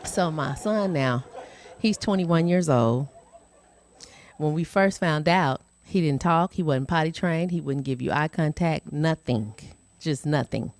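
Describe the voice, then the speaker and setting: A woman telling stand-up stories in an animated way, with churchy phrases. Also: low voice, measured pace. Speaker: stand-up comedian. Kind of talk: stand-up routine. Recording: loud crowd and noise, live stage. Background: laughing audience.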